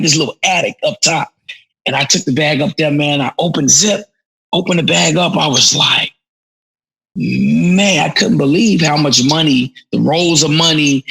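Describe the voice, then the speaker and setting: Man, podcast guest, casual storytelling, husky, higher pitch. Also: moderate pace, low-quality recording. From Chicago. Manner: animated, slangy, frequent restarts.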